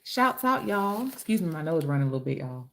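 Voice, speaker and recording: Her voice sits lowish and gravelly, quick-moving with big swings in pitch. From a home setup with a kitchen and a ring light, this author and host runs a chatty livestream, warmly welcoming viewers by name and calling them honey.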